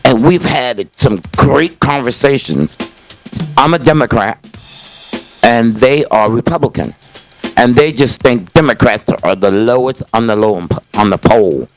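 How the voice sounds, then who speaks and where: An older man hosts a small call-in talk show, speaking casually and folksily straight to camera. His voice sits at an ordinary middle pitch, and he rambles with frequent restarts and "you know"s. Faint music hums somewhere underneath. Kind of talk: casual rambling monologue to viewers. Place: small indoor set filmed by a cameraman.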